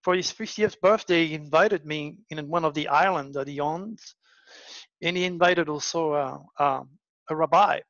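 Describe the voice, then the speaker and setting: A man's voice: moderate pace, no room sound. A man, an astrologer, telling stories in a casual monologue, acting out the voices of the people in them. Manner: animated, acts out quoted voices with big pitch jumps. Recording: dull lo-fi dry recording.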